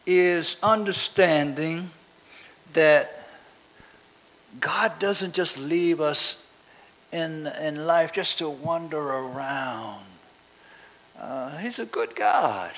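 A man's voice: high voice, bright, forceful tone, low-quality recording. A man preaching a sermon, often asking the congregation to finish his sentences and building to emphatic declarations. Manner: call-and-response questions to the congregation.

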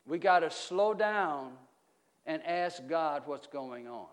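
A middle-aged man preaching a sermon as pastor, often asking the congregation questions and swinging between loud emphatic peaks and quiet low stretches. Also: animated, slow. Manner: call-and-response preaching, asks the congregation questions.

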